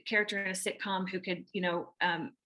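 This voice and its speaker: A woman's voice: mid-range voice, little pitch movement, brisk, sharp tone. A woman with a Southern American accent, an actress answering interview questions in a chatty way with many restarts and fillers. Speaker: actress guest.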